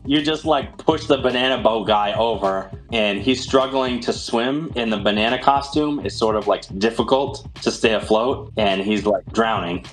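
A man's voice: on the low side, normal speed, few pauses, soft background music. A man narrating as game master, loose and playful, often laughing.

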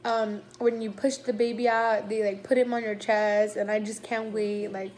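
A woman's voice: medium pitch, flat delivery, moderate pace, darkish tone, a little hiss or hum. A young woman vlogger in a casual Q&A chat, teary and emotional, gushing with constant "like" fillers.

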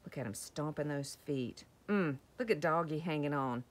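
A woman reading a picture book to young children, gentle and slow, asking questions about the pictures. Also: sits low, expressive. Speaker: children's story time reader.

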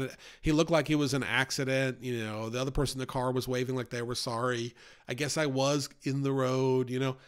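A man's voice: mid-range voice, a bit bright, clean tone. A man gives a casual Bible study. He talks in a chatty way and often checks in with "right?" and "you know?". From New York. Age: 40s.

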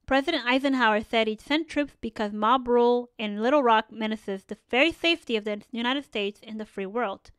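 A woman reads a first-person memoir aloud with earnest, measured storytelling. Her voice is smooth and a touch higher than most, captured close on a studio mic with a dry, dead sound. The pacing stays even and deliberate throughout. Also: no echo. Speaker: audiobook narrator.

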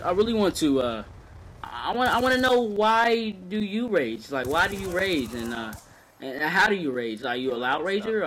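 A man's voice: fairly high pitch, a bit bright, a little hiss or hum. A man talking casually over gameplay footage, rambling with many fillers and restarts and swearing freely. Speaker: gameplay video commentator.

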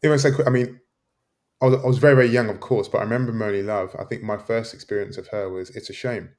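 A man's voice: lowish voice, steady tone, fast talker, darkish tone. A man, a professor guest, answering thoughtfully and reflecting on memories. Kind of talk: interview.

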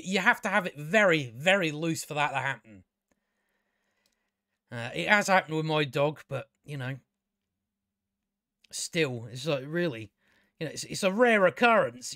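A man's voice: a little high, expressive, moderate pace, sharp tone, dry recording, studio quality. Chatty man rambling through a review. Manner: chatty, frequent restarts, swears casually. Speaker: TV review channel host.

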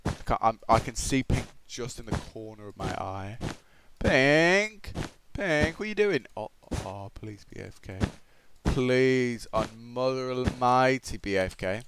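An excitable Australian man giving gameplay commentary, swearing and swinging between shouted outbursts and low muttering. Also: normal speed, noisy background. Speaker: gaming commentator.

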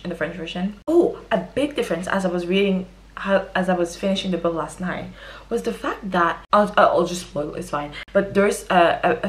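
Young woman, casual book vlog, chatty and expressive, slightly low voice, big reactions. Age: young adult. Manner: chatty and expressive, quick exaggerated exclamations. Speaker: book vlogger. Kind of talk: casual book review monologue.

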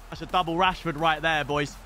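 A young British man commentating live on his own gameplay, excitable and casual, swearing freely and shouting at big moments. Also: fairly high pitch. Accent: British English. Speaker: gaming streamer.

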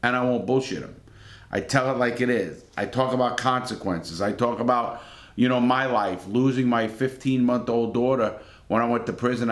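A man's voice: mid-range voice, a bit bright, reverberant. A middle-aged American man telling his own story in a blunt, profane, streetwise way, hosting his channel. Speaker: host. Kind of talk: casual storytelling monologue.

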